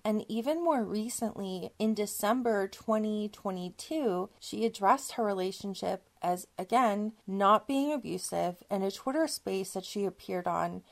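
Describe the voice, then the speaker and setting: A woman podcast host delivering scripted narration in a measured, informative way. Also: medium pitch.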